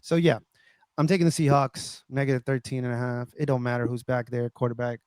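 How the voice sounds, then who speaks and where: A man's voice: medium pitch, level tone, fairly quick, darkish tone, clean tone, dry recording. Dry-voiced ranting man. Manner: ranting, swears, stumbles and restarts. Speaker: podcast co-host. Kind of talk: casual sports chat.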